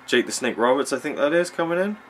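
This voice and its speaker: A man's voice: mid-range voice, lively intonation, fast talker, a little hiss or hum. A man ranting casually about wrestling as he watches a match, opinionated and rambling, with plenty of fillers. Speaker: wrestling vlogger.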